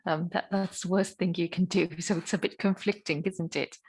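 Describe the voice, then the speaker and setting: A woman's voice: lowish voice, steady tone, normal speed, husky, poor audio. A woman teaching an online speaking lesson over a video call, patiently asking questions and giving encouraging praise. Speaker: English teacher.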